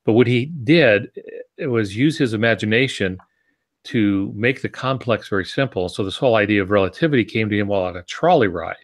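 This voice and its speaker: A man who writes novels, talking on a writing podcast in a reflective, storytelling way with thoughtful pauses. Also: lowish voice, no room sound, studio quality. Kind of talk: casual podcast chat about writing.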